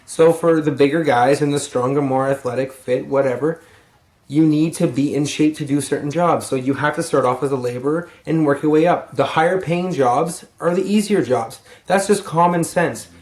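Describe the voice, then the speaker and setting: A man's voice: a little high, moderate pace, darkish tone, roomy sound. A tired young man giving rambling, profane advice on getting a raise, with yawns and sighs. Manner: rambling, profane, yawning and sighing. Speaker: vlogger, lumber yard crew lead. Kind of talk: rambling casual advice vlog. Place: room at home.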